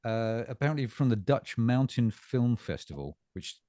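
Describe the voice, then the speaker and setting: A middle-aged man co-hosting a casual bookstore chat, talking in halting bursts with lots of fillers and repeated words. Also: mid-range voice, very animated, warm tone. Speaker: bookstore staff co-host.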